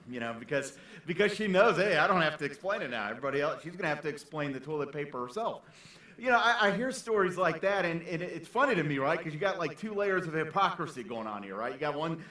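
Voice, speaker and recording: A man preaching a sermon in a conversational, animated way, acting out the voices in the stories he tells. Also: a little high. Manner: conversational, animated, acts out quoted characters. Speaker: pastor. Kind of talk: sermon storytelling. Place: church sanctuary. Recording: echoey room, from a distance.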